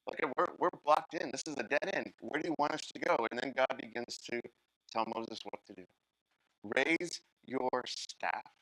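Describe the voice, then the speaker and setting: A man preaching a sermon as a guest pastor, telling the story in an animated way and acting out the characters' lines while talking straight to the congregation. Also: mid-range voice, fairly quick, dry recording, poor audio. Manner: animated storytelling, acts out Bible characters in voices; talks to the congregation directly.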